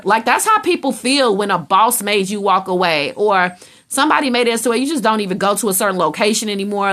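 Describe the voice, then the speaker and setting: Her medium-pitched voice is expressive, brisk and a bit bright. This woman reads tarot casually and bluntly, cursing freely, hitting points with emphasis, and performing other people's reactions.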